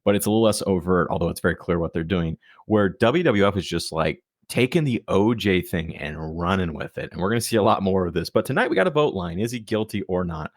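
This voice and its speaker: Low-voiced male podcast co-host. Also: animated, fast, few pauses, no echo, clean studio sound. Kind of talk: casual chat.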